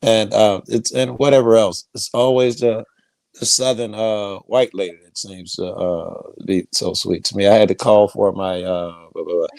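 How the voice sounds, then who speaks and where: A man's voice: on the low side, moderate pace, vocal fry, no room sound. A man from Chicago telling stories in a casual, profane panel chat. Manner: profane, animated storytelling.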